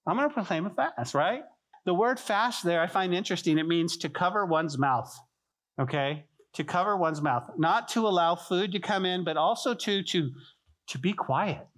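A man preaching a sermon as pastor, telling stories with lively acted-out voices and dropping to a soft hush on key points. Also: high-pitched, normal speed. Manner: animated storytelling, acting out biblical figures in voices; drops to soft, quiet delivery on key points.

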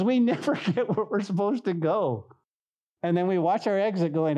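Male pastor, lively preaching, fairly high voice, talks straight to the congregation. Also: brisk. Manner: animated, repeats phrases, calls out to congregation. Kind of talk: sermon.

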